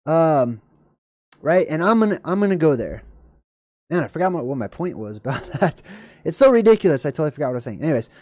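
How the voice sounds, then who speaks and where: A livestream host giving rambling, digressive reaction commentary, laughing often and jumping suddenly up in pitch. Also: sing-song, fast, a little mellow, dry recording, clean studio sound.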